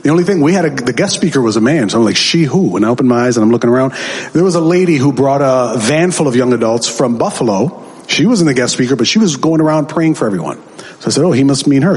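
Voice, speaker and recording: A man's voice: a little high, long reverb tail. A man preaching a sermon, telling his testimony as a story and acting out the voices he quotes, building to emphatic peaks.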